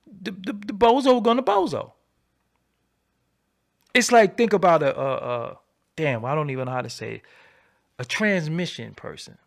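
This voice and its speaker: Cussing guy ranting on his livestream, voice a bit high, swings all over, low mutter then loud bursts. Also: moderate pace, gravelly, pauses often. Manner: profane, animated preaching with repeated phrases. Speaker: livestream host. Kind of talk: unscripted livestream rant.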